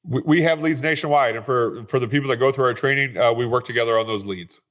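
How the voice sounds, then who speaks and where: A man's voice: medium pitch, quick pace, fairly bright tone. A man who is a real estate investor, speaking as a guest in a casual interview, earnest and often repeating words as he restarts.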